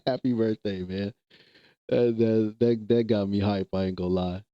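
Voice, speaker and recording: A man's voice: fairly low pitch, big pitch swings, slow pace, no room sound, dull audio. A man streaming live, chatting casually with viewers in loose slang and laughing often.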